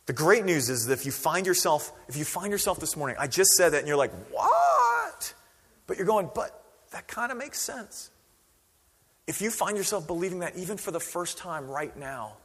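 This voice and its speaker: A man preaching a sermon as pastor, conversational and animated, acting out quoted voices. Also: on the high side, a little fast, slightly rough, big-room sound.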